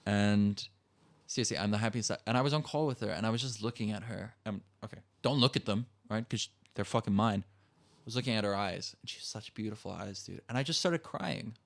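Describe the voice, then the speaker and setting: A man's voice: on the low side, fairly quick. Teenage man telling candid stories. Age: teens. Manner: candid, emotional storytelling with frequent swearing. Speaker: podcast guest. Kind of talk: casual podcast chat.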